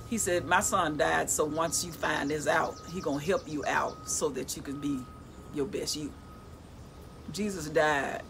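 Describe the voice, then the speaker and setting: A middle-aged woman, reading scripture aloud and commenting on it in a chatty, lively way, laughing often. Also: low-pitched, a little hiss or hum. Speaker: Bible study vlogger.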